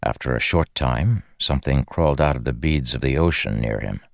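A man narrating an audiobook in a measured, grave storytelling manner. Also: extremely low pitch, vocal fry, dry recording, studio quality.

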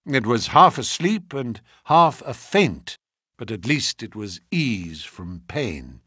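Husky, bright-toned male narrator. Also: mid-range voice, sing-song, slow, no room sound, clean studio sound. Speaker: audiobook narrator. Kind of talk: scripted narration with character voices.

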